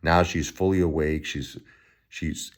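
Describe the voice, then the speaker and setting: A man's voice: a bass voice, steady tone, a little slow. A man in his forties from Brooklyn with a Brooklyn accent, talking bluntly and from the heart in a late-night vlog, repeating phrases and laughing wryly. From Brooklyn, New York. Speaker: vlogger.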